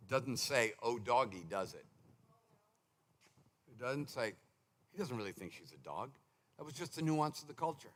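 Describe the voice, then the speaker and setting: A male pastor preaching a sermon in a conversational, animated way, slipping into quick mimicked asides. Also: medium pitch. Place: church sanctuary.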